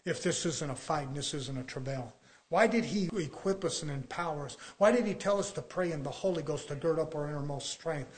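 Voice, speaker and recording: Fiery preacher man, higher voice. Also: fairly quick. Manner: impassioned, rhetorical questions, sudden loud bursts. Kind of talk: fiery sermon.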